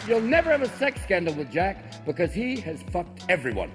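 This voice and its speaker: A man doing stand-up comedy, switching rapidly between voices and shouting punchlines before a live audience. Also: fairly high pitch, huge pitch swings. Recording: live stage mic with music and crowd laughter.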